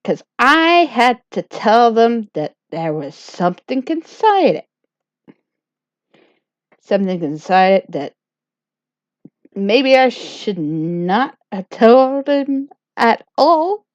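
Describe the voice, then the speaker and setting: Playful woman telling a comic tale, unhurried and rambling; dry, lo-fi sound. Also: fairly high pitch, big pitch swings, no echo. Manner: rambling, self-deprecating, playful. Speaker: storyteller. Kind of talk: comic first-person storytelling. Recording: dull lo-fi dry recording.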